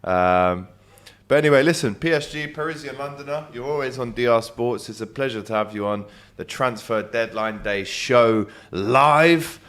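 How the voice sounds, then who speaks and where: A man hosts a live-streamed show. He keeps the talk casual and teasing, joking with his guests in a mid-pitched voice. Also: moderate pace, fairly bright tone. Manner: teasing, jokey. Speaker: show host.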